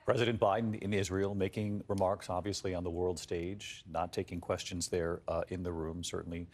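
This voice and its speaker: Low-voiced guy anchoring live tv news, calm recap style. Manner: measured, summarizing.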